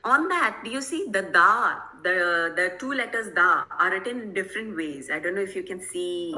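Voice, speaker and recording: A guest presenter from Kerala, India, gives an online lecture to teachers over a video call, explaining patiently and often checking that her listeners follow. Her lowish voice is expressive, pushed and bright, at a moderate pace, on a rough recording.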